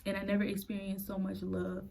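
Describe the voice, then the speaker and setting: A woman in her late twenties hosting a podcast. She tells her personal faith story in an earnest, halting way and is close to tears. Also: medium pitch, completely flat delivery, vocal fry, darkish tone, rough recording. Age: late 20s. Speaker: podcast host.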